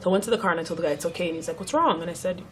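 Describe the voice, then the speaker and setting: A woman's voice: on the low side, steady tone, rapid-fire, a little hiss or hum. A young woman vlogger telling a story in a casual chat, swearing freely and acting out what others said.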